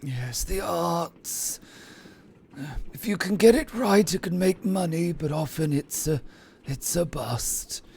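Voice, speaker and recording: Husky, slow-talking man running a tabletop game. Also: fairly high pitch, animated, darkish tone. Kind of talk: in-character tabletop role-play.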